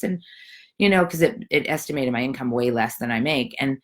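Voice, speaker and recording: A woman's voice: low voice, brisk, fairly bright tone. A middle-aged woman hosting a live decluttering challenge from home, chatting in an encouraging, rambling way full of fillers. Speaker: challenge host. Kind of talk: casual live video talk.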